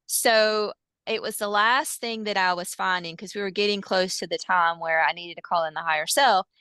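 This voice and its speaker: A woman, a hypnosis practitioner telling session stories in a lively way, with many fillers and quoted dialogue. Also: medium pitch, moderate pace, smooth, no echo. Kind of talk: animated storytelling in casual chat.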